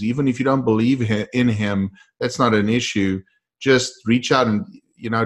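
Male host, low voice, encouraging, preacher-like interviewer. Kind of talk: faith-based interview talk.

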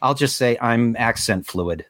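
A man's voice: mid-range voice, measured pace, a bit bright. A man appearing as a podcast guest, wry and joking, who says he turns formal when nervous. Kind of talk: casual chat.

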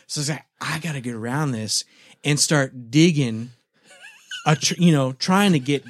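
A middle-aged man co-hosting a podcast, telling a story in casual chat, animated and swearing, acting out his own shouts. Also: mid-range voice, moderate pace, slight background noise. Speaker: podcast co-host.

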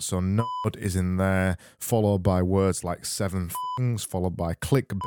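A man hosting a solo comedy podcast, rambling in a deadpan way and often repeating and restarting his phrases. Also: sits low. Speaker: podcast host.

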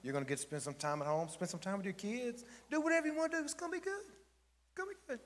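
A man's voice: very high voice, big pitch swings, fast talker, in a large hall, pitched above the performer's own voice. A man putting on a breezy boss cheerfully firing someone. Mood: breezy reassuring. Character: breezy upbeat businessman cheerfully firing an employee.

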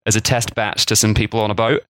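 A man's voice: lowish voice, flat delivery, fast, background noise. A man hosting a podcast, telling a history story in casual chat with jokey asides. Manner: chatty storyteller, jokey asides, mock voices for quotes. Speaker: podcast host.

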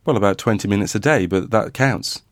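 A man's voice: lowish voice, a little fast, no echo. A man hosting a podcast in casual chat, hesitant and full of restarts, with dry teasing humor. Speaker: podcast host.

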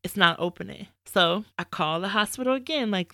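A woman hosting a faith podcast, telling a personal story in a candid, animated way and quoting her own asides. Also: mid-range voice, fairly quick, hardly any pauses, no echo, studio quality. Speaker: podcast host. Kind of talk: casual faith talk, storytelling.

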